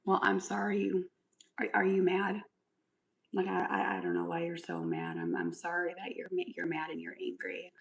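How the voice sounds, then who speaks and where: A woman's voice: lowish voice, animated, a little fast, gravelly, hardly any pauses, rough recording. A woman chatting casually on a livestream, answering comments in a sarcastic, mock-sweet way. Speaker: livestreamer with a son.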